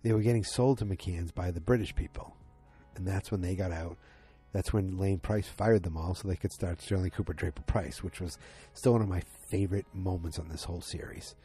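A man casually recapping a TV episode. He rambles excitedly and acts out the lines he quotes. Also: low voice, a little fast, husky, soft background music.

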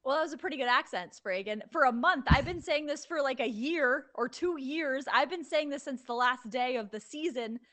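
Bright-voiced ranting woman. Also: sits high. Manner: exasperated, animated ranting. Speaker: podcast co-host. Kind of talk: casual sports podcast chat.

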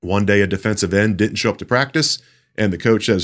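A man with a very deep voice tells a story in casual podcast chat. He talks as a sports reporter and often restarts his sentences. His delivery is halting but relaxed.

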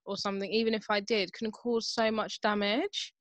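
A woman's voice: medium pitch, level tone, normal speed, no room sound. A young woman co-hosting a podcast, chatting casually and retelling a story with lots of "like". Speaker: podcast co-host. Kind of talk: casual chat.

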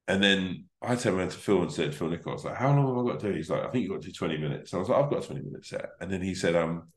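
Low-voiced male comic, rambling sweary anecdotes, roomy echo. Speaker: comedian guest. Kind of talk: casual podcast storytelling.

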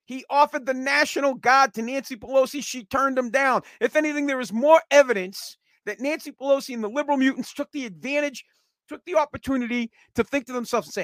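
A man's voice: very high voice, brisk, fairly bright tone, dry recording. A man giving a heated, sarcastic political rant, swearing and repeating himself as he gets worked up. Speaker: political commentator.

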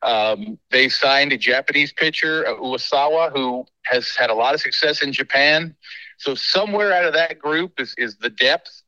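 Bright-voiced male baseball reporter, dull line. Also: medium pitch, normal speed, no room sound. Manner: knowledgeable, rambling with fillers. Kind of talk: casual interview talk.

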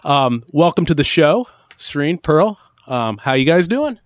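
Man, 50s, podcast producer, wry joker, a touch high. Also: sing-song, measured pace, no room sound, studio quality. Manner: joking, wry. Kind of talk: casual chat.

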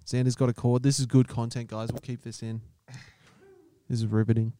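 Co-host, Australian man, mellow dark tone, dry close mic, sarcastic and teasing. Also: mid-range voice, flat delivery, brisk, dry recording. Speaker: podcast co-host. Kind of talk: casual banter.

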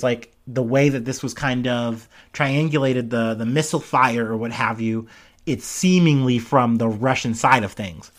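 A young man talks through current events in a relaxed, rambling way. He fills his sentences with "um" and "like" and swears casually. His voice sits at a middle pitch. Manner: casual, profane, rambling with many fillers. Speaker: commentary host. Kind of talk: casual news commentary.

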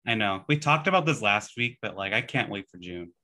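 A man's voice: on the low side, lively intonation, brisk, bright, forceful tone. A man co-hosting a casual podcast, telling stories animatedly and acting out his own reactions. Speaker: podcast co-host. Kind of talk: casual chat.

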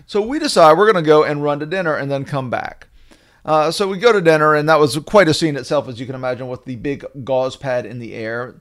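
A middle-aged man hosting a podcast, telling a story in a wry, animated way. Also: fairly high pitch, fairly quick. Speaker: podcast host. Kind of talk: storytelling monologue.

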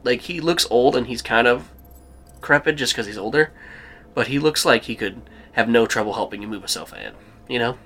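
A man narrating a tabletop game as game master, rambling and halting as he goes. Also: mid-range voice, sharp tone. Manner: rambling, halting, with fillers and laughs.

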